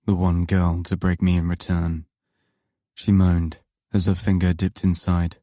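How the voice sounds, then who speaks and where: A man narrating an audiobook in first person, in a slow, low, intimate and brooding manner. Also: level tone, warm tone, no room sound, studio quality.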